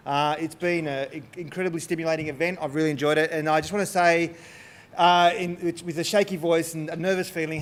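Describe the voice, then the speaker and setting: A man's voice: a little high, fast. A man giving a humorous, self-deprecating conference talk on stage in a large hall, full of restarts and asides. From Australia. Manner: lively, joking, self-deprecating, many restarts. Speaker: conference speaker.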